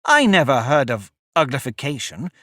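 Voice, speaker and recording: A man's voice: medium pitch, very animated, normal speed, a bit bright, dry recording, studio quality. A man voicing Alice, a polite and curious young girl, in an audiobook, with a prim, earnest manner. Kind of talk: audiobook character voice.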